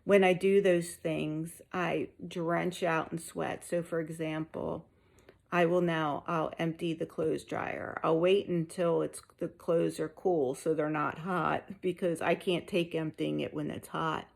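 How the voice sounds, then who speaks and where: Woman vlogger, low-pitched and slow-spoken, tired and a little short of breath, chatting frankly to viewers. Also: flat delivery, creaky. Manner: slow, candid, with frequent ums. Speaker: vlogger sharing a health update. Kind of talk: casual personal update to viewers.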